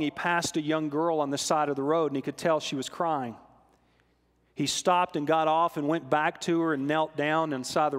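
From the pulpit of a church sanctuary, a pastor with a fairly high voice tells sermon stories animatedly. He climbs for emphasis and drops soft for solemn moments, while a long hall reverb trails behind his words.

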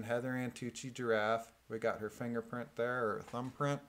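A man reading court filings aloud in a methodical, deliberate way, adding plain spoken asides. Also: medium pitch, fairly bright tone.

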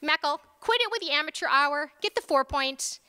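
A man's voice: very high voice, expressive, moderate pace, sharp tone, pitched above the performer's own voice, exaggerated voice. A woman voicing an impatient senior male doctor who gives curt, scornful orders. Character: brusque senior hospital doctor, impatient man. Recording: reverberant lecture hall.

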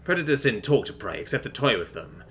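A man's voice: medium pitch, big pitch swings, quick pace, sharp tone, soft background music. A man narrating a sci-fi story in a tense, dramatic reading.

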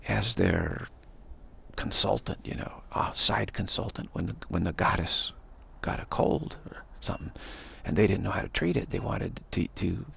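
Low gravelly man, halting spiritual monologue, mocking asides, raspy voice. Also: a bit bright. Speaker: spiritual speaker.

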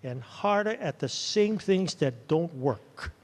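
A man preaching a sermon in a church, animated and conversational, often checking in with the congregation. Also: fairly high pitch, slow pace. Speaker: pastor. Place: church sanctuary. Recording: long church-hall reverb.

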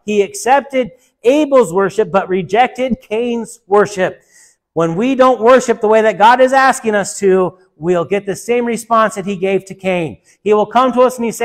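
A woman's voice: mid-range voice, moderate pace. A woman preacher delivering a sermon emphatically, asking her listeners rhetorical questions and calling for an amen.

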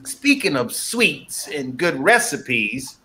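A man hosts a casual live show. His voice is bright and forward, and he gushes over each dish with frequent laughter. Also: on the high side, takes it slowly. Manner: gushing, animated, laughs often. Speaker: host.

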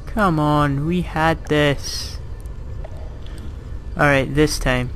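A man's voice: fairly high pitch, steady tone, drawn-out words, fairly bright tone, a little hiss or hum. A young man giving casual gameplay commentary, self-mocking and sarcastic, swearing when he gets frustrated. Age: young adult. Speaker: gaming commentator.

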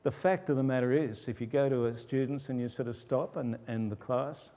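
An older man, a pastor, preaching a conversational sermon and dropping his voice low for quoted asides. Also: moderate pace, hardly any pauses, dark tone. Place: church. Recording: long church reverb.

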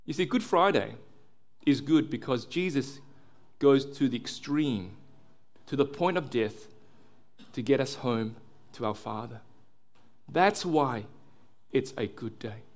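A male pastor delivering a sermon, earnest, dropping low and soft on key words.

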